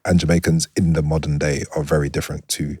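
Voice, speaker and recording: A man with a very deep, husky voice hosts the conversation. He thinks aloud, searching for words, and gets animated when he makes a point. His voice sounds dry and close to the mic. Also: fast, dry recording. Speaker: podcast host. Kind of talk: casual conversation.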